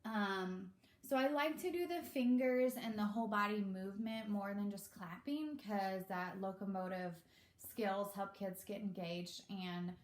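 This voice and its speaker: A woman teacher talking casually to parents about how she teaches young kids, chatty and relaxed with lots of fillers. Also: medium pitch, unhurried. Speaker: kindergarten teacher. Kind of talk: casual instructional talk to parents. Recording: echoey room.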